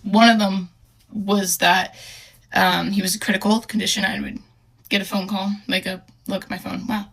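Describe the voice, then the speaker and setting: A young woman telling a personal story in a halting, hesitant way, with many fillers and restarts, earnest and emotional. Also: mid-range voice, flat delivery, vocal fry, fairly bright tone.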